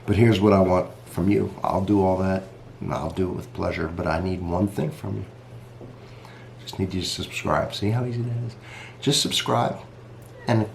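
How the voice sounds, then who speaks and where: A man's voice: sits low, creaky, reverberant, slight background noise. A man reviewing coffee in a casual vlog, chatty and rambling, talking straight to his viewers.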